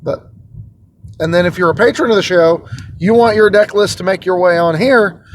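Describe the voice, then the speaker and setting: Sitting high in pitch at a normal speed, this man's voice comes with a little hiss or hum. He's recorded inside a car, hosting his channel in a casual vlog chat that rambles a bit and turns self-deprecating.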